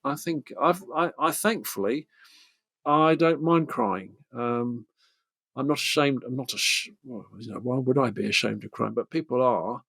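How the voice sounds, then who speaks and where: A man's voice: medium pitch, unhurried, gravelly, a bit bright, no echo. A middle-aged man, a therapist from Britain, speaking thoughtfully and hesitantly with many fillers. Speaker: therapist guest. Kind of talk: casual conversation.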